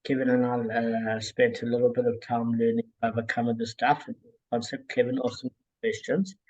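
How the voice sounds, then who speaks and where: This Talmud study group leader guides a relaxed group session by call, drifting off on tangents and using many fillers. His gravelly, husky voice sits at medium pitch and moves at a moderate pace. The audio sounds dull.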